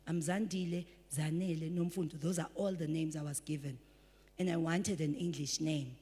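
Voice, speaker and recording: A woman pastor preaching a sermon, animated, slipping into quoted voices. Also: sits low, moderate pace. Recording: breathy voice in a large reverberant hall.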